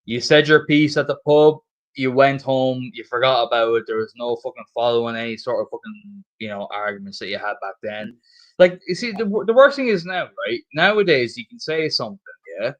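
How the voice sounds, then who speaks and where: A drunk man with an Irish accent rambles through a football chat, swearing freely and circling back on his points. His voice sits at an ordinary pitch for a man. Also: brisk, a bit bright, muffled recording. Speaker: guest on a football stream. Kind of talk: casual chat.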